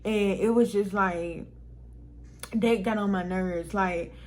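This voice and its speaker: A woman's voice: medium pitch, steady tone, takes it slowly, poor audio. A woman vlogger telling a personal story in casual storytime style, frank and exasperated, swearing freely and laughing between lines.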